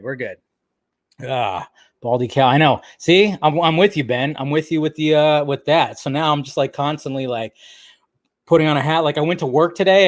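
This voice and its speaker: A man's voice: a little high, dry recording, clean studio sound. A man hosting a casual live stream, chatting and joking while he greets viewers by name.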